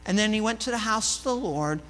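A male pastor giving a conversational sermon, telling stories and swinging between hushed asides and loud emphatic points. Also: sits high, expressive, fairly quick. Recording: reverberant hall with mains hum.

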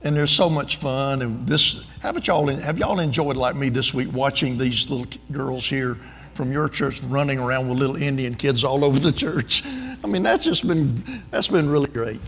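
An older man with a drawl preaches in a church, telling homespun stories and turning often to the congregation. His voice is gravelly, at an ordinary pitch for a man, and the sanctuary gives it a long ringing tail. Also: moderate pace, a bit bright, big-room sound. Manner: folksy, drawling, storytelling with asides to the congregation. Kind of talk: sermon with folksy stories.

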